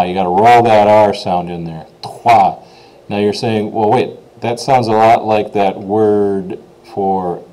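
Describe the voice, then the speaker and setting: A man with English as his first language, giving an informal French pronunciation lesson, chatty, repeating words slowly and checking in with "okay?". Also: fairly low pitch, darkish tone, rough recording. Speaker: French teacher.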